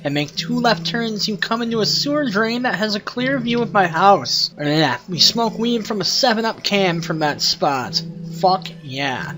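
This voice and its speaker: A man's voice: sits high, expressive, a little slow. A man hosting a let's play, reading the game text aloud with wry, profane asides.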